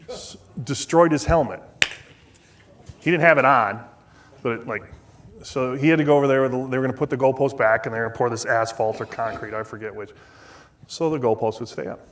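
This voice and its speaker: A middle-aged man from the United States speaking as a guest at a shrine event, telling a rambling, self-mocking story with many asides and restarts. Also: medium pitch. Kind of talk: storytelling talk. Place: shrine event before an audience.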